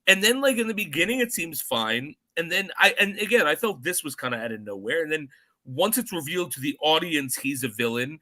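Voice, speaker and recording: A man co-hosting a podcast, chatting casually and rambling about a film, quick to mock himself. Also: on the high side. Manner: animated, rambling, self-mocking. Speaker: podcast co-host. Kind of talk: casual chat reviewing a film.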